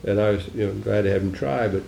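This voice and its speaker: A man's voice: lowish voice, steady tone, fast talker, gravelly, dark tone, echoey room, slight background noise. An older man, a senator, giving a musing political talk with dry, wry humor and taking audience questions.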